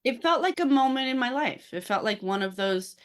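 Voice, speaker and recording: A woman therapist, a podcast guest, telling a personal story earnestly, animated and laughing between sentences. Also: on the high side, a little fast.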